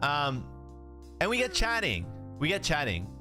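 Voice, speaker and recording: A man's voice: on the high side, a little slow, soft background music. A man, a card streamer, telling a story in a casual way, acting out the dialogue and swearing now and then. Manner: animated, swears, laughs, acts out dialogue.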